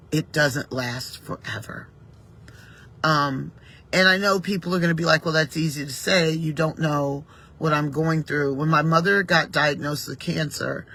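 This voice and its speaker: A woman's voice: deep voice, slightly rough. A woman giving a casual, reflective morning pep talk to her viewers, speaking conversationally and mentioning her faith now and then. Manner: warm, reflective, conversational, with gentle faith references. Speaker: vlogger giving morning encouragement.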